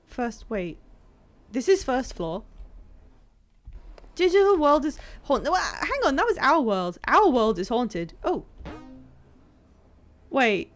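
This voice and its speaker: A high-pitched woman speaks in a sing-song way, slowly and with frequent pauses. She's playing a video game live on stream, chatting and joking with her audience in easygoing commentary.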